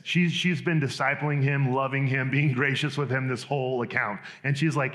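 A man preaching a sermon in a conversational, animated way with quick asides. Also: medium pitch. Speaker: pastor.

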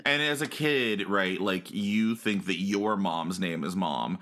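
Young guy w a really low but bright voice, rambly jokey chat. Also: slow. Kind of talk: casual comedic chat.

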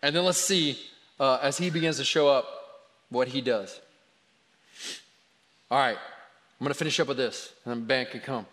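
A man preaching a sermon, telling stories about his children in a lively, animated way. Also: medium pitch, normal speed, pauses often. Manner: animated storytelling, quoting his kids. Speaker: pastor. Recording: long hall reverb.

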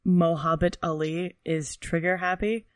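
A tabletop game player who is excitable, swearing and blurting out reactions. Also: medium pitch, measured pace, dry recording, studio quality. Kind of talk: casual tabletop game play.

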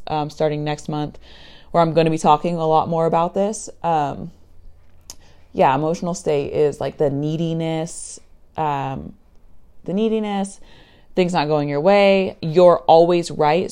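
A woman with a low, mellow voice talks through an idea in a casual, searching way. She fills pauses with ums and likes and sometimes acts out what a parent might say. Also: clean tone. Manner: chatty and searching for words, with frequent ums and likes. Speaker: podcast guest explaining a mental health approach. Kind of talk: casual explanatory talk.

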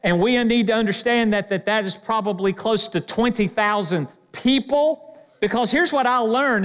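A man preaching a sermon as pastor, lively, breaking into quoted asides to the congregation. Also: sits high. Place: church sanctuary. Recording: long hall reverb.

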